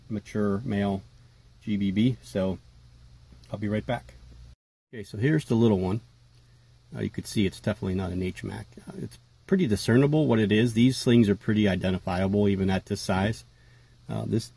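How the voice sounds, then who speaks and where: A man talking casually to camera about his tarantulas, relaxed and chatty with lots of fillers. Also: lowish voice, breathy edge, no room sound. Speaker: tarantula keeper vlogger. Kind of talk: casual rambling vlog.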